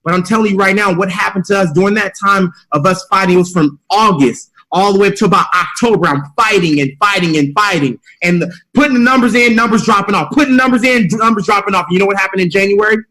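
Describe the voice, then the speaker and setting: Rallying high-voiced man giving a pep talk. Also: a bit bright, low-quality recording. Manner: preachy, rallying, repeats phrases. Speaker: mentorship call leader. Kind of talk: motivational speech on a call.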